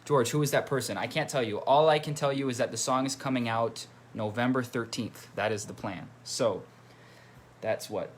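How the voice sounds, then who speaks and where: A musician hosts a laid-back livestream at home beside his computer, speaking at a normal speed in a mid-range voice with a little hiss or hum in the audio. Chatty throughout, he reads viewer comments aloud and greets those viewers.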